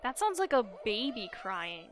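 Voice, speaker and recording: A woman voicing a gruff, hot-tempered older male farmer in a game playthrough, with a loud, barking, folksy drawl. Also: a little high, very animated, moderate pace, background noise. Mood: vengeful. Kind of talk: reading game dialogue aloud.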